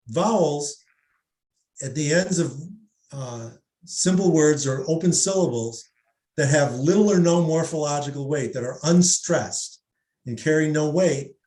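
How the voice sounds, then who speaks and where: A middle-aged man, a psychologist, explaining reading and language in an animated way and sounding out examples. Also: a little high. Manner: animated explainer, demonstrates pronunciations aloud. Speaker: psychologist guest. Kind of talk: explanatory discussion. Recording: roomy echo.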